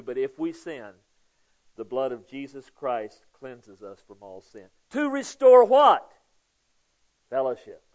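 A male pastor preaching in a chatty, conversational way, often checking in with his listeners. His voice sits a little higher than most men's, and he swings between loud emphasis and hushed, prayerful asides. The recording sounds dull and lo-fi. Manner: conversational preaching, with frequent "okay?" checks to the congregation. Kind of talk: sermon.

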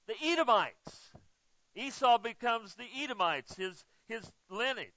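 A male pastor preaching a sermon, swinging between loud emphatic exclamations and hushed asides, and joking with the congregation. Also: very high-pitched, expressive, a little slow, dry recording, highs cut off. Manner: jokes with the congregation.

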